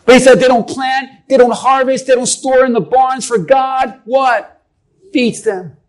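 A man's voice: very high-pitched, fairly even intonation, unhurried, poor audio. A man preaching a sermon as a pastor, emphatic and calling on the congregation to respond.

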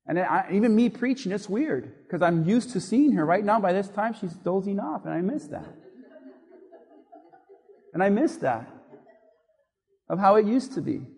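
A man's voice: high voice, expressive, normal speed, a little mellow, breathy edge, long reverb tail. A male pastor giving a conversational sermon, acting out little quoted remarks as he goes. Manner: conversational preaching with quoted asides. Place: church.

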